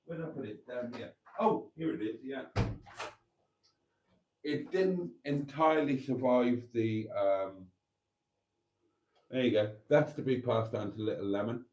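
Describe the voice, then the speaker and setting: Rambling, mellow-voiced man hosting a live stream. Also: mid-range voice, measured pace, pauses often. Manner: rambling, chatty, laughs easily. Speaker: channel host. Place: motorhome.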